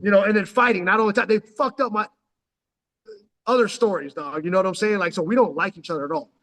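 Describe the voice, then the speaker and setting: A man's voice: high-pitched, quick pace. A man in his forties from San Diego, telling stories in casual chat, full of street slang and acted-out quotes. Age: 40s. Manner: street slang, keeps saying "dog", animated retelling with acted-out quotes. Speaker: storyteller.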